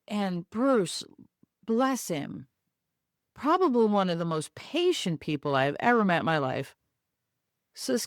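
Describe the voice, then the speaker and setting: Female host, frank storyteller, casual and blunt, animated delivery. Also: on the low side, a little slow, clear, resonant tone, no echo, clean studio sound. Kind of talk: personal storytelling talk.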